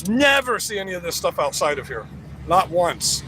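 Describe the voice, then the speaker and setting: High-voiced man ranting on the street. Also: very animated, normal speed, pushed and bright, poor audio. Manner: profane, combative, rambling. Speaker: livestreamer at a rally counter-protest. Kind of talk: casual livestream rant. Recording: outdoor street noise with traffic.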